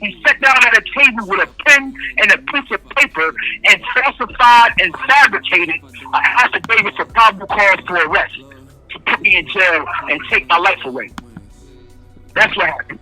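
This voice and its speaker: Speaking by phone from prison, a man gives impassioned interview answers in casual street speech, stressing his points by repeating key phrases. His high-pitched voice sounds pushed and bright, animated at a moderate pace, with no echo.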